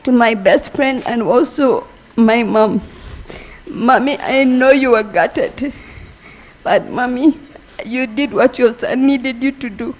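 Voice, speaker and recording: A woman giving a funeral eulogy for her brother, halting and emotional, speaking softly. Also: fairly high pitch, low-quality recording. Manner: halting, emotional, soft-spoken. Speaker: family member giving a eulogy.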